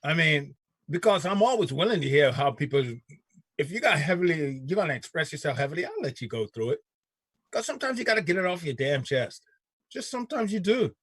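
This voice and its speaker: A man's voice: on the high side, expressive, a little fast, fairly bright tone, breathy edge, no room sound. A man hosting a casual talk show, telling stories bluntly and animatedly with some cussing. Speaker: show host. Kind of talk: casual chat.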